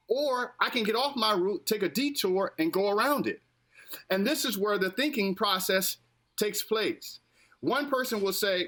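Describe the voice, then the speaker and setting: A man's voice: sits high, expressive, moderate pace, pushed and bright. An American man hosting a podcast who lectures his listeners in a repetitive, preachy way. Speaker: podcast host. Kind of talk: casual political podcast talk.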